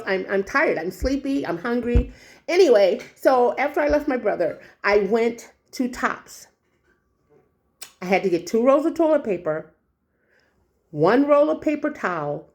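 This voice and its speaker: A woman telling a story to her viewers in a chatty, animated way, exclaiming as she goes. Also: medium pitch. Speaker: vlogger. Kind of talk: storytelling to camera.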